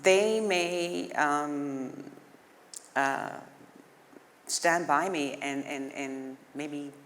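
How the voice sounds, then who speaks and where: A workshop participant answering in a hesitant, halting way with many pauses and fillers. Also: medium pitch, fairly bright tone. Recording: echoey hall with faint noise.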